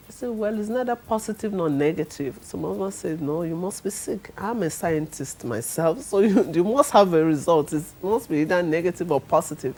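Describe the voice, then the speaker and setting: A middle-aged woman, telling her testimony in a lively way and acting out the people she quotes. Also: lowish voice, normal speed, husky, poor audio. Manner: acts out the people she quotes, laughs often. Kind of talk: animated storytelling.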